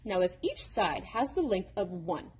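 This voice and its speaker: A woman's voice: mid-range voice, big pitch swings, a little slow, a little hiss or hum. A woman voicing an impish, impatient male number devil who lectures like a know-it-all, in a storybook reading. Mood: lecturing.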